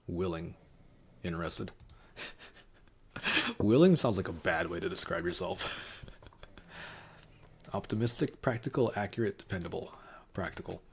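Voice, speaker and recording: A man's voice: low voice, creaky, darkish tone, breathy edge. A man streaming casually, reading quiz options aloud and muttering wry, sarcastic asides.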